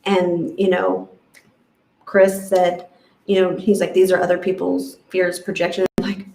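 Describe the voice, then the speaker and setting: A woman's voice: lowish voice, little pitch movement, a little slow, a little mellow, echoey room, poor audio. A woman sharing a personal story in an emotional, rambling way, with many fillers. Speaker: retreat guest sharing her experience.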